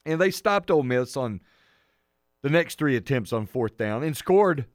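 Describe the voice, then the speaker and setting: A man's voice: medium pitch, animated, moderate pace, dry recording, studio quality. A man hosting a sports talk radio show, emphatic and opinionated, hammering his points by repeating them. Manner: opinionated, argues his takes.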